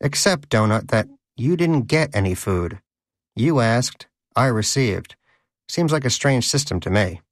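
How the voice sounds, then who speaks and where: A man's voice: medium pitch, animated, measured pace, no echo, studio quality, lightly acted. A man voicing a cynical, greedy male pet rodent in a cage, in a scornful, mocking manner. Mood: smug.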